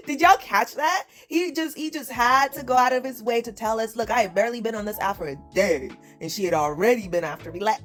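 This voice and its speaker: Woman, scornful reaction commentary, repetitive, mocking tone, slightly high voice. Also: brisk, few pauses, faint music behind.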